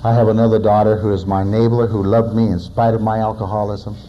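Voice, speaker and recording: A man's voice: lowish voice, level tone, fast, dull audio. A man in his forties, a recovering alcoholic, giving a personal testimony in a plainspoken storytelling manner with wry humor. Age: 40s.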